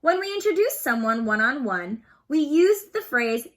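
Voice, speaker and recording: A woman's voice: high-pitched, very animated, normal speed, a bit bright. A woman teaching a beginner Spanish lesson online, explaining phrases patiently and leading repeat-after-me drills.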